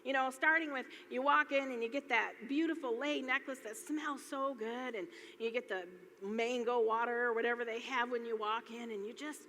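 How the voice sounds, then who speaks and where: Her voice is bright and on the high side, with fairly even intonation and a moderate pace. This chatty middle-aged woman from Michigan rambles through casual stories for a live audience at a business event, laughing a lot and repeatedly saying "anyway." The sound carries the echo of a large hall, plus faint noise.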